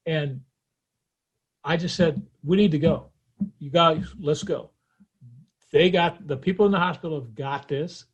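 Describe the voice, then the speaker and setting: A man's voice: a little high, darkish tone, highs cut off. A man who is a guest on an interview show, telling personal stories in a reflective way and chuckling at his own memories. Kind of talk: conversational interview.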